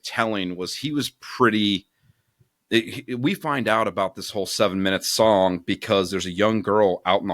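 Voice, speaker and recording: A man's voice: on the low side, dry recording, studio quality. A man co-hosting a podcast, chatting casually and crudely about a romance novel, rambling with jokes and filler. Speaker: podcast co-host. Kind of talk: casual book review chat.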